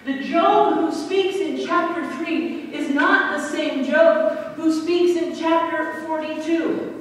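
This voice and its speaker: A woman pastor giving a sermon, expressive, moving between quiet passages and loud emphasis. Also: extremely high pitch, slow pace. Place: church sanctuary. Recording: echoey church hall from far off.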